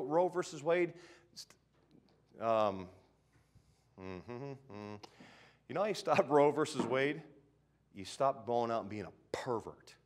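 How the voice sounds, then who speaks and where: A middle-aged man preaching a sermon in a church, conversational, swinging between loud pronouncements and muttered asides and acting out mocking quoted voices. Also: medium pitch. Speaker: pastor. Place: church sanctuary.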